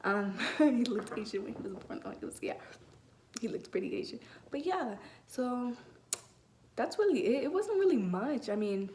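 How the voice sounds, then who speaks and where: A woman's voice: on the high side, lively intonation, moderate pace, a little mellow, a little hiss or hum. A teenage girl telling a personal story in a casual vlog, rambling with many fillers and restarts. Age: late teens. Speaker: vlogger.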